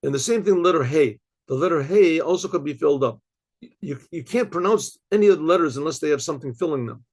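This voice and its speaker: An older rabbi teaching a class in a husky, slightly raised voice. His talk is loose and digressive, circling back with repeated phrases and frequent "okay, so", broken up by throat-clearing. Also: fairly high pitch, animated, fast, a little mellow. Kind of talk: informal Torah lecture.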